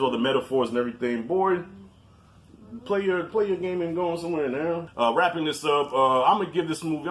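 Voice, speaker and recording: A man's voice: medium pitch, fairly bright tone. A man in his forties giving a blunt, joking, profane movie review as a guest in casual chat. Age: 40s.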